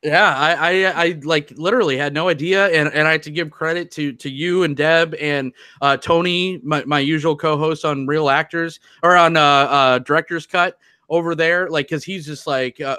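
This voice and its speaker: Rambling, bright-voiced male podcast host. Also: on the high side, fairly even intonation, normal speed, clear, resonant tone, no room sound, studio quality. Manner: rambling, self-interrupting and joking. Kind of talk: casual chat.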